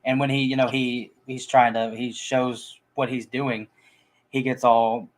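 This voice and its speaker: A man's voice: medium pitch, little pitch movement, unhurried. A man in casual conversation about a film, talking in a rambling way with frequent restarts and fillers. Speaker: movie podcast co-host.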